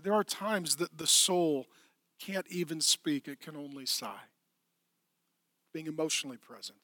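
Male pastor, sermon delivery, high and bright, dry close sound, emphatic with soft hushed passages. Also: a little slow, pauses often, dry recording. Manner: emphatic preaching, drops to soft sighing hush.

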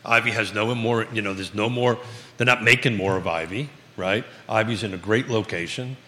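Virginia guy hosting a live real estate show, low-ish voice, sharp and bright, kinda folksy, reverby studio. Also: moderate pace. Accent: American Virginia. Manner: folksy, repetitive, refers to himself as Batman. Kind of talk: live talk show chat. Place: local live broadcast studio.

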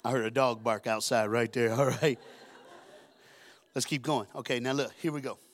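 A man's voice: mid-range voice, steady tone, moderate pace. A man preaching a sermon in a church, storytelling with humor and acting out voices from the Bible. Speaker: guest preacher. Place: church auditorium.

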